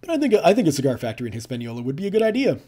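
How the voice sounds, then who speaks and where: Chatty man with a lively voice. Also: on the high side, rapid-fire. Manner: chatty, thinking aloud, playful asides. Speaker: gameplay commentator. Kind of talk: casual let's-play commentary.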